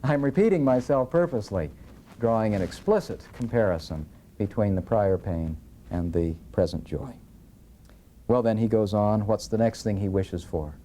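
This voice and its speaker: A man's voice: fairly low pitch, moderate pace, mellow, slight background noise. A man giving an earnest scripture lecture, reading verses aloud and telling listeners what to underline. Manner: earnest, instructive, reads verses with rising emphasis.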